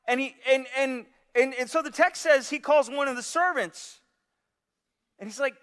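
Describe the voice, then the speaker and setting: A man preaching a sermon, telling a parable in an animated way with frequent restarts. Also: very high voice, normal speed, clear, resonant tone. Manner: animated storytelling with repeated restarts. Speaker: pastor. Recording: long hall reverb.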